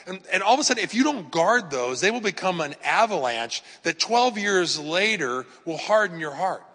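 A man in his fifties preaches in a large church, his voice a touch high and bright. He talks to the room like a friend, leaning on stories and rhetorical questions. The sound rings with a long hall reverb. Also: very animated, moderate pace. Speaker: pastor. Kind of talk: conversational sermon.

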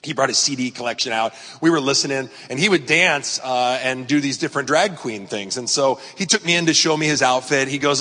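A middle-aged male pastor speaks in a relaxed, conversational way, looping through anecdotes with plenty of "uh" and "you know". His voice sits at an ordinary pitch, and it rings out with a long reverb tail as though he is filling a large hall. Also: fairly quick, hardly any pauses. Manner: rambling, storytelling, frequent fillers and restarts. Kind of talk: conversational sermon.

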